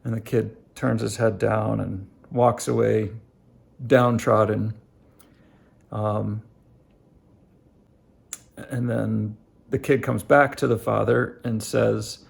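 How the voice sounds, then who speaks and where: A middle-aged man talking straight to his viewers in a casual, reflective monologue, halting and full of fillers. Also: fairly low pitch, fairly even intonation, creaky, slightly rough. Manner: halting, many fillers and restarts; earnest, addresses viewers directly. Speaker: family life vlogger.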